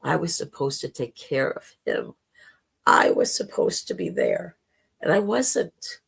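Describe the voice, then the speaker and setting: A woman hosting a live spiritual talk, telling a personal story slowly and heartfelt, with dramatic quoted asides. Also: deep voice, wildly swooping pitch, gravelly, slightly rough. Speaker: spiritual talk show host.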